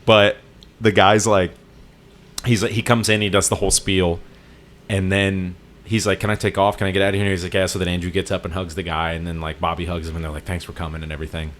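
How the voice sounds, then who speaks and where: A man's voice: deep voice, flat delivery, a little fast, a bit bright. A man co-hosting a podcast, retelling a story in a casual, rambling way with lots of fillers and restarts. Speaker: podcast co-host.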